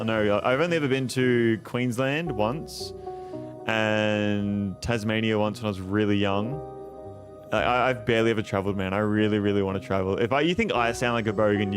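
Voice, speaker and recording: A man's voice: on the low side, brisk. A young Australian man streaming a game, chatting casually with viewers and reading their messages aloud in a loose, rambling way full of swearing. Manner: relaxed, rambling, swears a lot, reads chat aloud. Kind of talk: casual live-stream chat. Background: game music.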